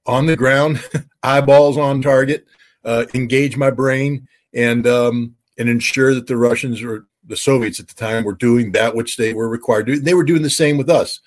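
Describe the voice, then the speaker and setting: A man who was once a weapons inspector gives expert commentary as an interview guest, halting with many fillers and lively when he quotes others. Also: medium pitch.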